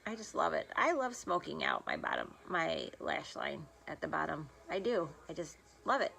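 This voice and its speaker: A woman's voice: deep voice, huge pitch swings, moderate pace, gravelly, pushed and bright. A woman beauty vlogger chatting casually through a makeup tutorial, rambling and self-deprecating, filmed on her phone at home. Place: home room, filming on a phone. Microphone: phone camera.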